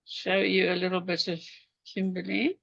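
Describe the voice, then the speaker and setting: A woman's voice: lowish voice, little pitch movement, moderate pace, creaky, a bit bright, dry recording. A woman hosting a video call meeting, chatting and fumbling aloud with her screen sharing. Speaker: host. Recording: dull, dry video call audio.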